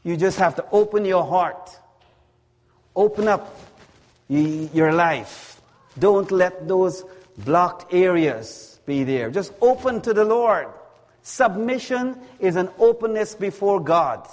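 Slow, deliberate man preaching in a reverberant hall. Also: high-pitched, lively intonation. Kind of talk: sermon.

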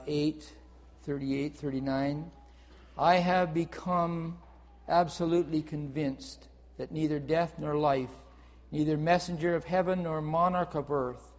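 Man, preacher, earnest sermon, repeats phrases, somewhat high voice, dull lo-fi sound. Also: darkish tone. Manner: earnest, reads scripture aloud then expounds, repeats phrases. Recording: dull audio with long hall reverb.

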